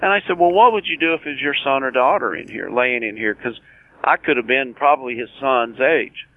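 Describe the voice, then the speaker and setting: A man's voice: mid-range voice, animated, a little fast. Older man telling his story over a phone line. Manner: earnest, plain-spoken, with many restarts and quoted dialogue. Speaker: guest, cancer survivor. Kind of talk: personal storytelling interview.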